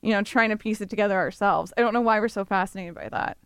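A woman's voice: medium pitch, quick pace, a bit bright, smooth, dry recording, studio quality. A woman on a radio show telling a story in casual chat, giggling often.

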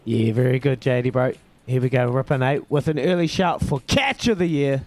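A man's voice: mid-range voice, normal speed, a little mellow, soft background music. A man hosting a radio phone-in quiz, bantering matily with callers. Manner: upbeat, matey banter with callers. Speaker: radio breakfast host.

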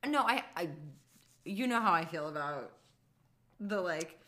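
A woman's voice: fairly low pitch, expressive, a little slow, pauses often, sharp tone. Crude, joking woman podcaster. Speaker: podcast co-host. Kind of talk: casual chat.

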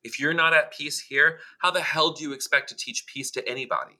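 Blunt, swearing male co-host with a sharp, very bright tone. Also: fairly high pitch, fairly quick. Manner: blunt and emphatic, swears freely. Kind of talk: casual chat.

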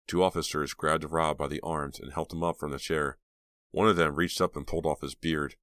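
A man narrating an audiobook in a steady, measured storytelling manner. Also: very deep voice, no echo, studio quality. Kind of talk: scripted narration.

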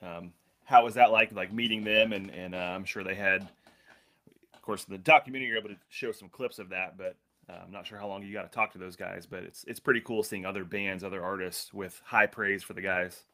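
Bright-voiced man hosting a podcast. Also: low-pitched, fairly even intonation, fairly quick. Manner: casual, rambling questions with fillers. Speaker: podcast host. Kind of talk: interview questions.

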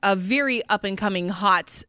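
A woman hosting a podcast in casual chat, animated and blunt, swearing freely. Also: medium pitch, normal speed, no echo, clean studio sound. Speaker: podcast host.

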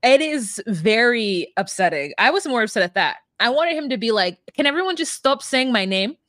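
A woman's voice: on the high side, sing-song, normal speed, fairly bright tone, dry recording, clean studio sound. Playful woman podcast co-host. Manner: playful, rambling, sing-song asides. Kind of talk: casual podcast chat.

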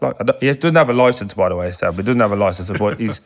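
Low-voiced man telling stories. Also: fast talker. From England. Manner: animated storyteller, swears freely, acts out voices in quotes. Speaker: guest, football captain. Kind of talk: casual storytelling interview.

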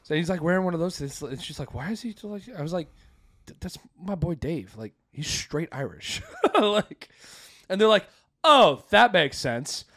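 A man's voice: fairly high pitch, expressive, normal speed, no echo, clean studio sound. A man co-hosting a podcast, telling stories in rambling, profane chat with many restarts and laughs. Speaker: podcast co-host. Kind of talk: casual podcast banter.

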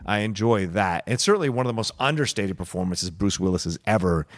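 A man's voice: lowish voice, expressive, fast talker, dry recording, studio quality. A man hosting a podcast, easygoing and laughing often as he talks over films. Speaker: podcast host. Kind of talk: casual chat.

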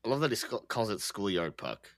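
A man co-hosting a podcast, chatting casually and relaxed about a movie, swearing easily and restarting his sentences. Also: lowish voice, fairly quick, no room sound. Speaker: podcast co-host. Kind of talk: casual movie-recap chat.

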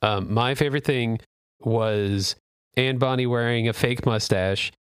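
A man hosting a casual podcast chat, giggly and crude, quick to laugh at his own jokes. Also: medium pitch, clear, resonant tone, no echo, clean studio sound. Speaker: podcast host.

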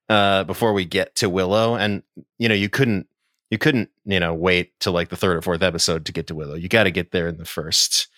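A man co-hosting a podcast in casual chat, relaxed and rambling, often laughing. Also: deep voice, a little fast, no room sound, studio quality. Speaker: podcast co-host.

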